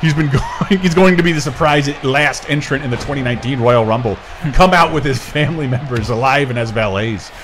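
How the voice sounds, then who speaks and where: A man's voice: medium pitch, fairly quick, hardly any pauses, background noise. Joking, rambling male host reading chat. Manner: joking, rambling, reads chat comments aloud, laughs often. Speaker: podcast host. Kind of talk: casual livestream chat.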